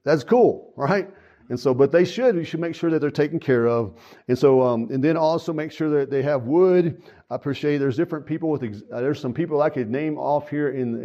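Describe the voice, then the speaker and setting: A man's voice: mid-range voice, darkish tone, lo-fi sound. A man preaching a sermon in church, earnest and folksy, repeating key phrases and stopping to say "uh" and "so.". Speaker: pastor.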